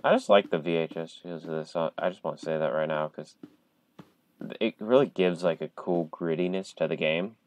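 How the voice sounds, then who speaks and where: A man on a headset at home, playing a horror game in casual commentary, jumpy and chatty with viewers, breaking into loud startled outbursts. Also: low voice, brisk, poor audio. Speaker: gamer streaming a horror game.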